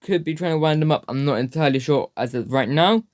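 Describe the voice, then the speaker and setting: A man's voice: a little high, fast talker, no room sound, clean studio sound. A man commenting on a video as reaction host, hesitant and hedging, leaning on filler phrases. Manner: hesitant, hedging, repeats "obviously".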